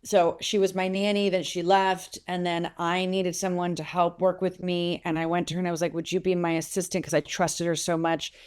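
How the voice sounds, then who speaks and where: A woman's voice: fairly low pitch, a little fast, few pauses, clean tone. A woman in her forties, an actress telling stories in an interview, rambling and correcting herself as she goes. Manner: rambling, self-interrupting, animated storytelling. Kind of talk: casual interview talk.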